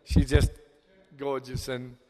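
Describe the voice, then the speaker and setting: A man's voice: medium pitch, completely flat delivery, slow pace, mellow. An older man with an Australian accent giving a rambling, sentimental father-of-the-bride speech, full of fillers and restarts. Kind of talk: wedding speech. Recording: long hall reverb.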